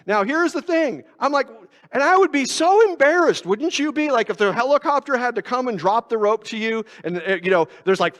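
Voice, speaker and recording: A man's voice: very high-pitched, animated, a little fast, hardly any pauses, a bit bright. A man preaching a sermon in a conversational, self-mocking way, asking his congregation rhetorical questions. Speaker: pastor. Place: church sanctuary. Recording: long church reverb.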